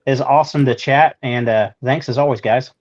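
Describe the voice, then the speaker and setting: A friendly, polite man chatting casually, his voice coming through dull, lo-fi audio. His pitch sits in a middle range. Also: fairly even intonation, a little fast. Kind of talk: casual chat.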